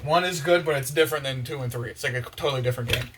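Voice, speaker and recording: A young man chatting casually and excitedly, full of slang and fillers, while doing the dishes in his kitchen. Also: mid-range voice, racing, very noisy. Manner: excited, slangy, many fillers, acts out quotes. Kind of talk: casual rambling monologue. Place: home kitchen with open windows.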